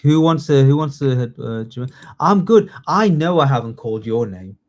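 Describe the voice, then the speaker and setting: Running a live online quiz lesson for citizenship test students, this UK tutor in his thirties speaks at normal speed in a medium-pitched, expressive, slightly mellow voice. He jokes and chats, reads multiple-choice questions aloud, and praises students by name.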